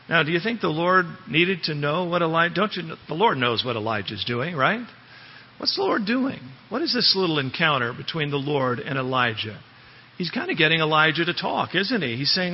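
A pastor preaching a conversational sermon, verse by verse, often turning to the congregation with rhetorical questions. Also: male voice, on the high side, animated, normal speed, slightly rough. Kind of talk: expository sermon. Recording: long hall reverb, dull lo-fi sound.

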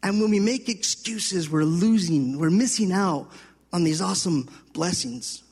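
High-voiced husky preacher in a church hall. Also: male voice, unhurried. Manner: animated preaching, acts out voices of children and God. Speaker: pastor. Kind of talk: sermon.

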